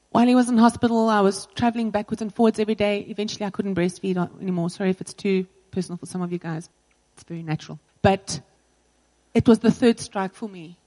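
A woman pastor delivers an earnest, personal sermon and hammers her points home with repeated phrases. Her voice sits at an ordinary pitch for a woman. A long reverb trails each phrase, as in a church hall. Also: a little fast, a little mellow. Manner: earnest, personal preaching with emphatic repetition.

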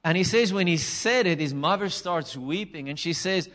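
Passionate preacher, fairly high voice. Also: male voice, moderate pace, few pauses. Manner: passionate, emphatic storytelling with sudden loud declarations. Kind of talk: sermon.

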